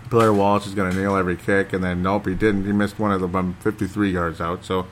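Male host, low-pitched, hesitant and chatty, reads fan comments, light background hiss. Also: flat delivery, fairly quick. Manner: rambling, hesitant, with many fillers. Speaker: podcast host reading listener comments. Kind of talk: casual chat.

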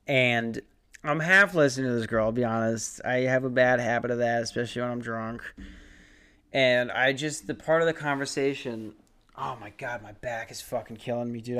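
A young man hosts his podcast alone, rambling loosely through a story with plenty of swearing and jokes at his own expense. His voice is smooth and resonant, sitting in a middle pitch. He sounds worn out from too little sleep. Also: a bit bright. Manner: profane, self-deprecating, rambling. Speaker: podcast host. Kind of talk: casual rambling monologue.

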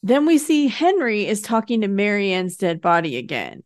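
A woman's voice: medium pitch, sing-song, moderate pace, dry recording. Woman podcaster recapping tv, laughs a lot, dry close mic. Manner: chatty, laughs often, swears casually. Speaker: podcast co-host. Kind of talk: casual TV recap chat.

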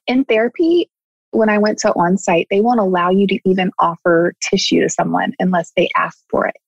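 Earnest woman therapist, raspy and breathy, dry muffled lo-fi sound. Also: mid-range voice, brisk, no room sound. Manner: earnest, emphatic, repeats heartfelt words. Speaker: therapist guest. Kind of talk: casual conversation.

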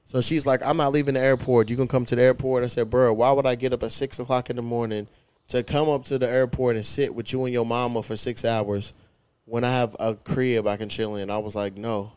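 A man's voice: mid-range voice, fairly even intonation, brisk, darkish tone, smooth. A man hosting a podcast, casually and profanely telling stories about his dating life. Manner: profane storytelling, quoting his own retorts. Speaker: podcast host.

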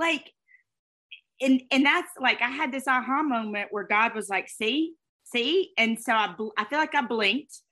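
A middle-aged woman, a guest telling her story in an expressive, fast way. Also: a little high. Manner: fast, expressive, with faith talk and laughter. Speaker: guest, speaker and former sportscaster. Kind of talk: animated storytelling interview.

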